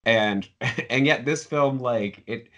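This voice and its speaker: A man's voice: medium pitch, takes it slowly, pushed and bright, dull audio. A man co-hosting a casual film review chat, speaking hesitantly and stumbling over his words. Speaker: film review podcast co-host.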